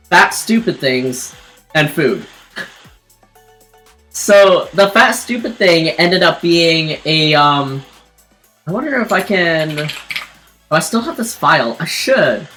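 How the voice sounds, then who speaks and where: Drawing on stream, this artist shares a personal story in relaxed chat, wandering through it with plenty of fillers and false starts. She has a lowish voice that sounds pushed and bright.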